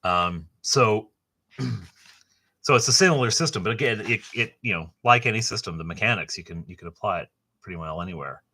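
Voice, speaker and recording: A middle-aged man hosting a casual book unboxing, rambling and enthusiastic, with a halting way of talking. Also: on the low side, expressive, bright, forceful tone, slightly rough. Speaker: host.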